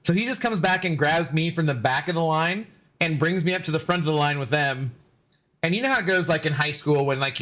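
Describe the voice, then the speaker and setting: A man's voice: fairly high pitch, sharp tone. A man in his forties streaming a game and rambling through stories in casual chat, loose with fillers and swearing.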